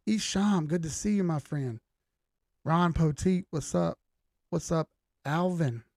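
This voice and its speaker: A man's voice: fairly high pitch, slow, a little mellow, no echo, studio quality. A middle-aged man, hosting a live stream in casual chat, greeting viewers by name with a laid-back manner and the occasional swear. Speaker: livestream host.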